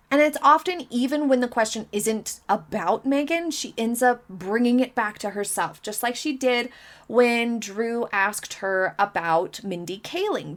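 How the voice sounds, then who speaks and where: Emphatic woman commentator, thirties, slightly high-pitched, incredulous, hammers her points home. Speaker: commentary vlogger. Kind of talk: opinionated commentary.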